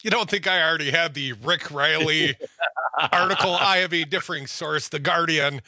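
A man hosting a political talk radio show, trading sarcastic jabs with a lively, quick delivery. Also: fairly high pitch, no echo, clean studio sound.

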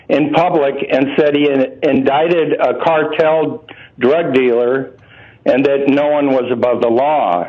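A man calling in to a radio show, speaking slowly and haltingly with frustration. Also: a little high. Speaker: caller. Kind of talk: phone-in call. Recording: muffled radio call audio.

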